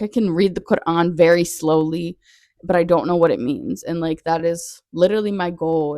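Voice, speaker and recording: A woman's voice: on the low side, mellow, dry recording, studio quality. A young woman hosting her own podcast, telling a personal story in an earnest, chatty way, full of "like" and frequent laughs. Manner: earnest, chatty, heavy use of "like", laughs often. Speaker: podcast host.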